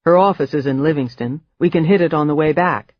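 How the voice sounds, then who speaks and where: A polite, persistent man, voiced by an audiobook narrator who keeps calmly pressing his case. The voice stays close to the plain narration. The sound is dry and a little dull. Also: a little high, a little fast, no echo, natural voice. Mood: patient. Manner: polite, patient, persuasive. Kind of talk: audiobook character voice.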